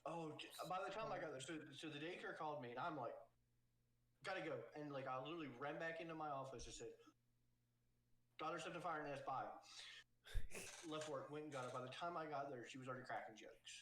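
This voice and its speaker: A man in his thirties co-hosting a podcast, telling stories in an animated, casual way. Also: on the high side, quick pace, long pauses. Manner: storytelling, animated. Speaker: podcast co-host. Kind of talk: casual chat. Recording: echoey room.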